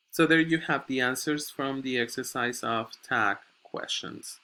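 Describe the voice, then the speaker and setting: Slow, bright-voiced male English teacher. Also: mid-range voice. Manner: checks in with frequent "okay?"; reads textbook examples aloud. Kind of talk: recorded grammar lesson.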